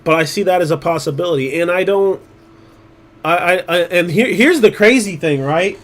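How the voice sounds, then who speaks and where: A man's voice: high-pitched, moderate pace. A man chatting casually on his livestream, blunt and profane, rambling with restarts. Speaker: streamer.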